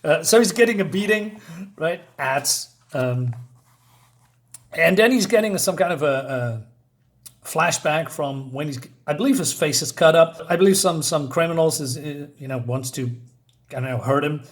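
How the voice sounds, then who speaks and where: Excited man with a fairly high voice. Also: moderate pace. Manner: enthusiastic, chuckles often, says "badass" and "right?". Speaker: comic book reviewer. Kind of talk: casual comic review with read-aloud panels.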